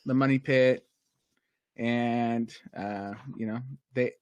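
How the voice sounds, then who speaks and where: A man's voice: mid-range voice, steady tone, slow pace, smooth, dry recording. A man co-hosting a podcast, chatting casually and a bit skeptically about a TV episode, sometimes stumbling over his words. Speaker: podcast co-host. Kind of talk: casual chat recapping a TV episode.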